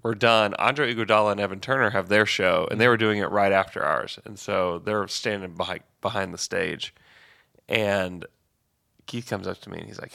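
A man who works as a sports reporter, telling a relaxed, rambling story in casual chat. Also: lowish voice, normal speed, vocal fry.

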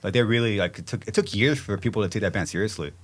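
A man's voice: lowish voice, quick pace, a bit bright. A man hosting a casual podcast interview, often stammering and repeating words as he asks questions. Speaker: podcast host.

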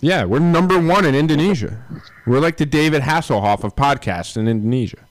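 Lively, joking male podcast co-host. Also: a little high, fairly quick, no echo. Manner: joking, teasing banter. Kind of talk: casual chat.

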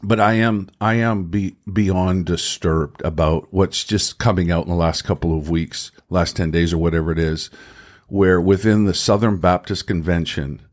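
A man co-hosting a faith podcast, talking slowly and haltingly, restarting his sentences as he works through his thoughts. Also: sits low, fairly even intonation. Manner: halting, restarts often, thinking aloud. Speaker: podcast co-host. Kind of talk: casual faith discussion.

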